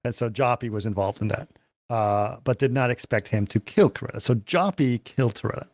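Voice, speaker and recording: A man on a film podcast, working through the plot with many ums and restarts. His voice is mid-pitched and ordinary. The recording is dry and close. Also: brisk, a little mellow, no room sound. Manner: hesitant plot recap with many fillers. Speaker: podcast co-host. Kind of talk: casual film discussion.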